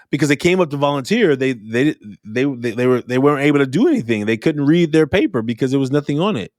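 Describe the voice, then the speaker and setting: A man speaking in a casual, animated monologue about running youth workshops. His voice sits at an ordinary middle pitch. The sound is dry and close, with little room around it. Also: fast talker, hardly any pauses, dry recording. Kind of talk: reflective podcast monologue.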